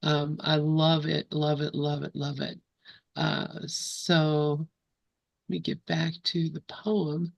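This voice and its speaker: A woman hosts an online gathering in a low voice and reads a poem very slowly, pausing between lines. The sound is dry and dull, typical of a video call. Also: flat delivery, gravelly, dry recording. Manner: gentle, measured, pauses often. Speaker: group host. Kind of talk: slow poem reading and group chat.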